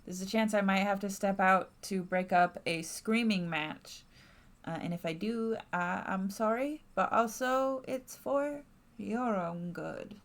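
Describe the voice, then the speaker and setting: A woman's voice: medium pitch, a little slow. A woman streaming a narrative game from home, chatting casually with enthusiasm and many fillers. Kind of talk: casual let's-play chat.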